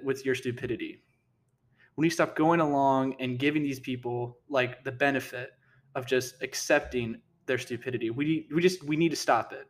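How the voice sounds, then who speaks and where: Heated man ranting with frequent restarts. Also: mid-range voice. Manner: heated, indignant, repeats himself and restarts often. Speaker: political commentator. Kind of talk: casual opinion commentary.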